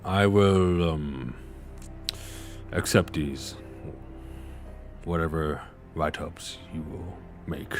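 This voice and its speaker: A man voicing a formal, apologetic male ship captain who speaks slowly and politely. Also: rumbling low, over music, exaggerated voice. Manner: stiff, polite, slow and formal.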